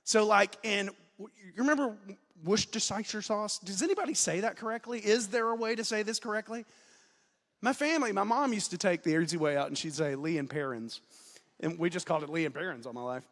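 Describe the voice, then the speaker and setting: A man in his forties, a student pastor giving a casual, self-deprecating sermon, with sudden loud emphasis. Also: sits high, fast, big-room sound. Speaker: student pastor, guest preacher. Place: church sanctuary.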